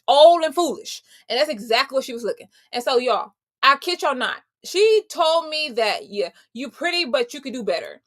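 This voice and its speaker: A woman's voice: high voice, fairly bright tone. A young adult woman life coach telling her viewers a story in a casual, emphatic way, often calling them y'all.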